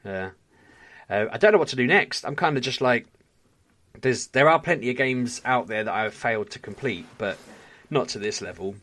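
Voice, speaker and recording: A man co-hosting a podcast, telling a story in casual chat with animated energy and frequent laughter. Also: medium pitch, a little fast. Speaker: podcast co-host.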